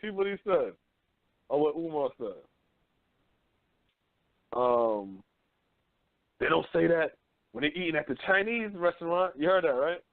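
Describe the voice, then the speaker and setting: A man in his thirties hosting a casual talk radio show, swearing freely and telling animated stories. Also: fairly high pitch, measured pace, pauses often, dry recording. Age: 30s. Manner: loose, profane, animated storytelling. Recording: phone-line call-in radio, dry.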